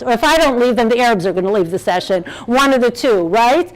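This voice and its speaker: A woman's voice: fairly high pitch, animated, brisk, few pauses, poor audio. A woman giving a Torah lecture to a class, asking the room questions and weaving in Hebrew terms. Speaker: Torah teacher.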